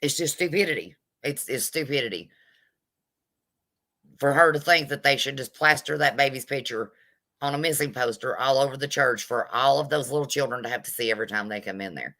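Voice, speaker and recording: A woman's voice: very deep voice, fairly quick, fairly bright tone. A woman doing a live commentary rant, greeting her viewers between blunt, indignant remarks. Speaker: vlogger.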